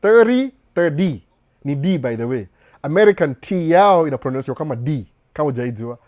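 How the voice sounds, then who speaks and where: A Kenyan man hosting a relaxed live Q&A from his den at home. He talks quickly, stumbling and restarting, and keeps asking if his listeners follow. His voice is mellow and warm. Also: mid-range voice. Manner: chatty, repeats and restarts, asks "unaona?". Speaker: live-stream host. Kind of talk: casual live Q&A chat, code-switching. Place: indoor home den with a couch.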